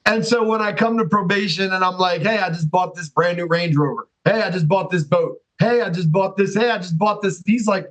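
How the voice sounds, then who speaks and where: Podcast guest: high-pitched man, animated storyteller who acts out the people he quotes. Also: a little fast, few pauses, poor audio. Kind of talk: casual storytelling.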